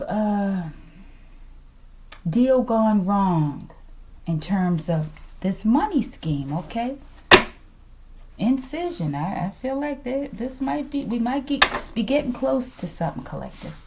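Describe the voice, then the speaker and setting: Woman, tarot reader, animated, keeps asking the audience okay, slightly high, faint noise. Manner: animated, calls out "collective" and "okay?" often. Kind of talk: casual tarot reading to viewers.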